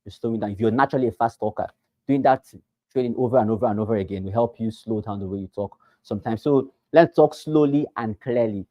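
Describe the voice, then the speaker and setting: A man teaching real estate agents, who talks fast and with emphasis and repeats phrases to drive them home. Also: fairly low pitch, fairly even intonation, no room sound, lo-fi sound. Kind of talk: teaching a class.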